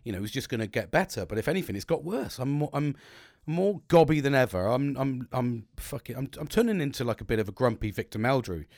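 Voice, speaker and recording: A man rambling through a casual podcast monologue, swearing freely and restarting his sentences. His pitch sits in an ordinary middle range. The sound is close and dry, with no room around it. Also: animated, quick pace, a little mellow, no echo. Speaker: podcast host.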